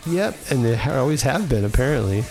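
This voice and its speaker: A man's voice: mid-range voice, very animated, brisk, music in the background. A man hosting a podcast in a casual chat, talking in a rambling, enthusiastic way with many fillers. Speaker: podcast host.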